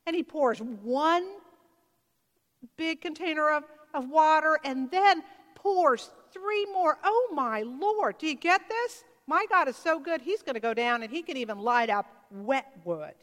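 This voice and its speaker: A woman preaching a sermon, retelling a scripture story with animated storytelling and acted-out voices. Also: high-pitched, a little slow. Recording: long reverb of a large hall.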